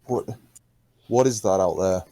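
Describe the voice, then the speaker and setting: A man voicing a gruff, weary grown man who answers in short, deadpan lines in a tabletop role-play. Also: low-pitched, unhurried, no echo. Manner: terse, dry, deadpan replies.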